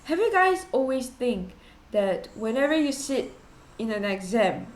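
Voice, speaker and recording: A woman's voice: on the high side, big pitch swings, unhurried. Giggly young woman chatting in an echoey room. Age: young adult. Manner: rambling, giggly, self-deprecating. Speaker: VTuber streamer. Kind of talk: casual chat. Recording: roomy echo.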